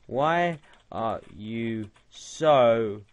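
A man's voice: medium pitch, lively intonation, drawn-out words. A young man giving casual gaming commentary, mocking and laughing at a chatbot. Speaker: gaming video creator.

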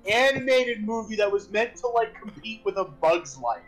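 A man's voice: high voice, animated, moderate pace, a bit bright, poor audio. A young man streaming a game in casual chat, swearing a lot and rambling with repeated restarts. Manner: profane, rambling, repeats himself. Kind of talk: casual chat while gaming.

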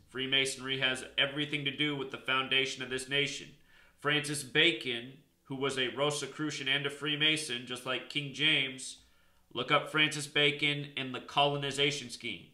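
A man's voice: mid-range voice, sharp tone, echoey room. A man hosting his own channel, lecturing in an insistent, emphatic monologue. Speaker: channel host. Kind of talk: explanatory monologue.

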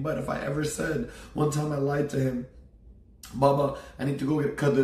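A young man hosting a casual chat, excitable and emotional, repeating his questions and bursting into laughter. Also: medium pitch. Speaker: streamer host. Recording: echoey room, far from mic, faint noise.

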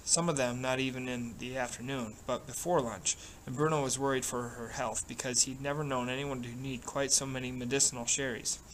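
A man reading a novel aloud in a steady, even way, with small slips and restarts. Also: medium pitch, a little hiss or hum, poor audio. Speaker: reader.

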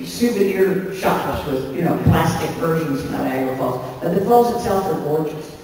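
A woman's voice: deep voice, animated, moderate pace. A woman in her sixties from Canada, a guest on a convention panel stage, answering audience questions in a candid, chatty way and laughing often as she talks. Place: large convention hall stage. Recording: echoey hall recorded from far off, faint hiss.

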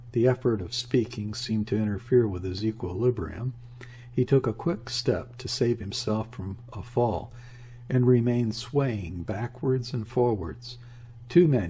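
A man reads out a drunken, embittered trader who speaks thickly and haltingly, lashing out with fierce, wild words. The voice sits low and husky, with a mellow darkness. It is an audiobook character voice. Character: drunken bitter middle-aged trader, unsteady and wild.

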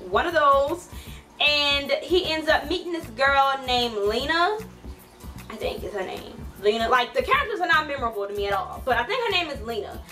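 A woman's voice: high-pitched, bright, forceful tone, far from the mic. A young woman giving a blunt, frustrated book review in a casual vlog, swearing freely and full of fillers.

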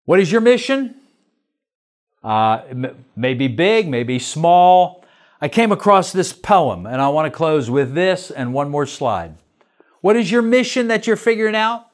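A man's voice: a little high, big pitch swings, slow pace, pauses often. An older man, a pastor, teaching a church lesson in an earnest way, asking many questions.

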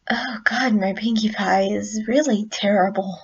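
A woman's voice: mid-range voice, measured pace, few pauses, slightly rough. A woman vlogger chatting casually and making self-deprecating asides, recorded at night in a dim room on a dull lo-fi recording. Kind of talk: casual vlog.

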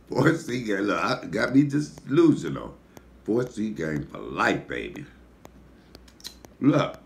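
A man with a deep voice, hosting a casual mukbang and telling animated, profane stories while he eats. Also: slow, vocal fry, pauses often. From Detroit, USA. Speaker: comedian and mukbang host. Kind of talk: casual storytelling while eating.

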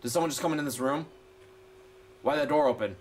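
A man casually commenting while playing a game, excitable and foul-mouthed, chatting to viewers. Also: on the high side, brisk, slight background noise. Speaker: gameplay streamer. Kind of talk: let's play commentary.

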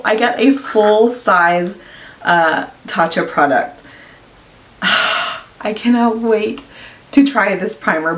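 An excitable woman vlogger gushes her way through an unboxing, unhurried and full of "you guys". She sits a bit back from the mic in a roomy, echoey space. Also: mid-range voice, far from the mic. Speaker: beauty vlogger. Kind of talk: casual unboxing chat.

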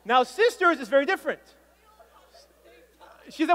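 This stand-up comic plays to a live audience in a large conference hall, acting out the crowd's reactions with a teasing, playful touch. His very high, slightly bright voice is expressive, his pace normal. Long reverb from the big hall is audible.

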